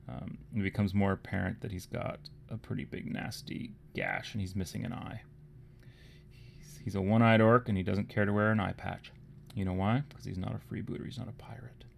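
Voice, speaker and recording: Low gravelly man narrating a painting stream. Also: a little hiss or hum. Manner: relaxed, thinking aloud, drops to murmurs. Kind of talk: casual live painting tutorial.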